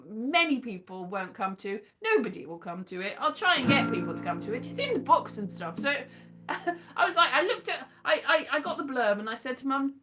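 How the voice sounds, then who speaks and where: A woman's voice: sits high, pushed and bright. A woman from Wales rambling playfully in a casual monologue, often drifting into half-sung lines. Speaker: vlogger and performer.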